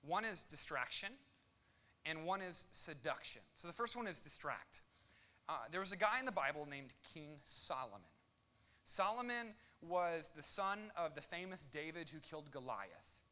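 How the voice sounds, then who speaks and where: A young male pastor preaching with a bright, forceful tone and a slightly high voice. He jokes, tosses in quick asides and acts out quotes with lots of energy. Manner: animated, joking, quick asides and acted quotes. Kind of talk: sermon.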